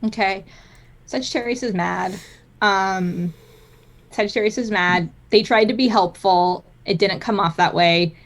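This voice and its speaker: A woman's voice: mid-range voice, a little slow. A woman playing her character in a tabletop game, often stumbling and restarting her sentences. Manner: hesitant, stammering restarts.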